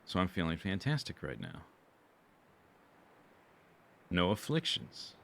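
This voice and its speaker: A man's voice: low-pitched, wildly swooping pitch, slow, gravelly, slight background noise. A man streaming a survival game, chatting casually and rambling as he goes through his gear and plans. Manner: chatty, rambling, self-correcting. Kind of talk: casual gameplay commentary.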